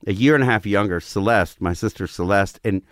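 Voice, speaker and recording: A man's voice: fairly low pitch, fairly quick, no room sound, clean studio sound. A man in his forties from northern Florida, telling a story in a casual, profane way and acting out the quotes. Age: 40s. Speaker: podcast guest.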